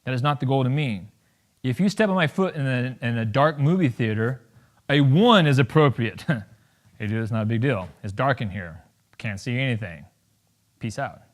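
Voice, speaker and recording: A man in his thirties giving a lively, joking talk to a college audience, acting out little voices as he goes. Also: mid-range voice. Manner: animated, jokey, acts out quick voices. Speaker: guest speaker.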